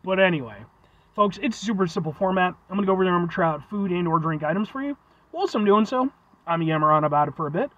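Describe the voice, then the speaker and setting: Male vlogger, congested, high-pitched, chatty and rambling, recorded in his truck on dull lo-fi audio. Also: expressive, very fast, fairly bright tone, dry recording. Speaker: food review vlogger. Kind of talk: casual vlog chat.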